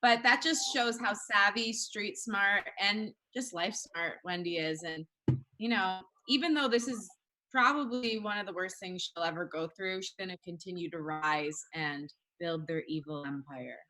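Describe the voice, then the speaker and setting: Woman hosting a tv recap chat, bright voice, keeps the talk moving. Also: mid-range voice, a little slow. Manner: bright, eager, leads the discussion. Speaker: aftershow host.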